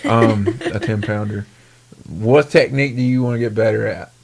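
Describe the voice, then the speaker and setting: A man hosting a podcast in casual chat, animated and rambling, laughing often. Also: lowish voice, normal speed, vocal fry. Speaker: podcast host.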